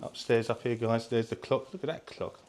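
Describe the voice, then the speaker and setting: A man vlogging a casual walking tour of an open-air museum, chatty and excitable, talking straight to his viewers. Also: medium pitch, normal speed, a little hiss or hum. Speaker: travel vlogger. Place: visiting an open-air museum, indoors and outdoors.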